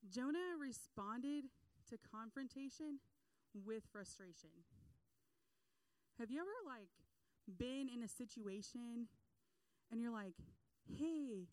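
Bright-voiced young woman preaching casually. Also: on the high side, slow, clean tone, no echo, poor audio. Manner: animated storytelling with acted quotes and laughs. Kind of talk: casual sermon.

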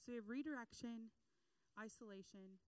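Young woman preacher, smooth clear voice, dry close sound, lively storytelling delivery. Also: a little high, normal speed, no echo, low-quality recording. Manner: animated storytelling with acted quotes and laughs. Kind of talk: casual sermon.

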